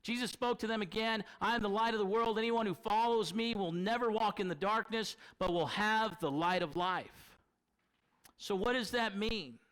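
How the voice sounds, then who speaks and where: A man's voice: high voice, moderate pace, fairly bright tone, poor audio. A man preaching a sermon in a conversational, storytelling manner.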